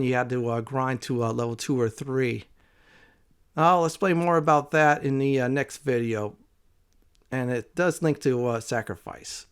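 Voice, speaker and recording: A man with a smooth, resonant voice and a mid-range pitch gives a relaxed, rambling commentary on his gameplay. He fills his sentences with frequent "uh"s as he talks his way through the play. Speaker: let's play host.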